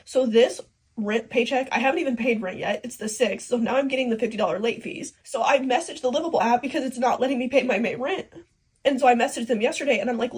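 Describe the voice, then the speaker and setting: Husky fast-talking woman venting. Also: a little high. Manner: emotional, rambling. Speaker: single parent vlogger. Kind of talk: casual vlog rant.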